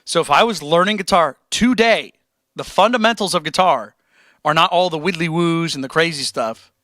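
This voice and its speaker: Young man, live streamer, casual chat, blunt encouraging, bright voice, dry sound. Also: fairly high pitch, moderate pace, no room sound. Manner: blunt, encouraging, swears, animated tangents.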